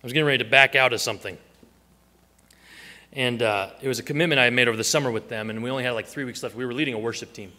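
A man's voice: medium pitch, very fast, pushed and bright, in a large hall. A man preaching a sermon, telling stories and acting out the voices he quotes. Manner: storytelling, acts out quoted voices. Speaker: pastor.

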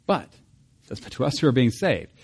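A man's voice: mid-range voice, big pitch swings, normal speed, vocal fry, husky. A male pastor giving a conversational sermon, acting out quoted voices and chuckling often.

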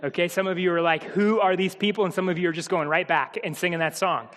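Speaking fast in a steady, fairly bright tone that sits a little high, a man preaches in a church hall. This pastor's sermon is funny and conversational, addressed right to the congregation, with long hall reverb on the recording.

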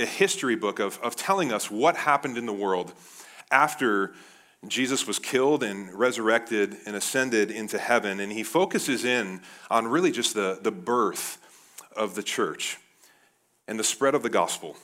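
Male pastor, thirties, lively sermon delivery, mid-pitched voice. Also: normal speed. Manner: animated, addresses the crowd as guys.

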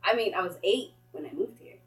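Young woman from Kenya as podcast host, mid pitch with very lively swings, laughs easily. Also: fairly quick, slight background noise, rough recording. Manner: animated, laughing easily, storytelling. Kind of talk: casual chat.

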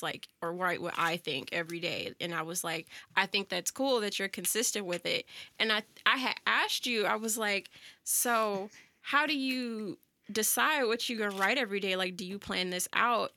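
Bright-voiced young woman telling stories. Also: mid-range voice, moderate pace. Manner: animated storyteller, acts out quotes with laughter. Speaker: podcast co-host. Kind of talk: casual chat.

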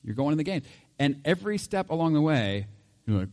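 A man's voice: a little high, very animated, brisk, a little mellow, big-room sound. A male pastor preaching a conversational sermon, easygoing and chuckling often, with homely examples. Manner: conversational, laughs often, uses everyday examples.

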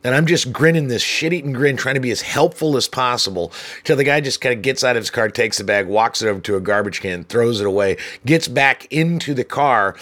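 A man casually telling work stories from a hotel job, animated and profane, jumping his voice up when he acts out the people involved. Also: fairly quick, no echo. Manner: animated, acts out dialogue with raised pitch, profane. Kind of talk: casual storytelling.

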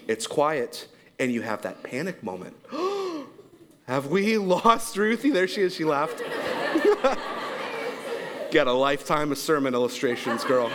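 A male pastor in his thirties delivers a church sermon with a fairly high, bright voice. He tells stories with animated, acted-out quotes, jumping high in pitch and laughing along with the congregation. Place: church sanctuary.

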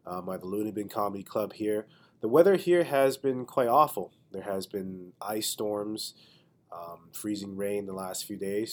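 A man's voice: lowish voice, a little mellow. Congested man telling a story. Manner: chatty, loose, with frequent "you know" asides. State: congested from a cold. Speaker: podcast host and stand-up comedian. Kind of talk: casual storytelling monologue.

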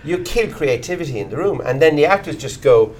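A middle-aged Irish actor being interviewed, talking bluntly and swearing casually as he tells animated stories. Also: on the high side, brisk. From Ireland. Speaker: actor, guest. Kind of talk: candid conversational interview.

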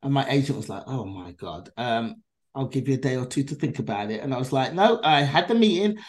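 Her voice very deep and her pace fairly quick, a woman comic appearing as a podcast guest tells a lively conversational story. She voices each character's lines herself and curses freely.

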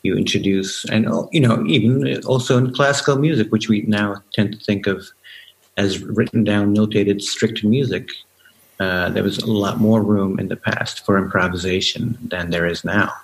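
A man's voice: lowish voice, steady tone, normal speed, creaky, poor audio. A man, a musician guest, in casual conversation, explaining ideas thoughtfully with many hesitations, over a remote call.

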